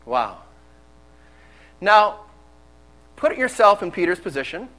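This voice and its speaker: A man's voice: high-pitched, big pitch swings, takes it slowly, bright, forceful tone, poor audio. A man preaching a sermon in a candid, conversational storytelling manner.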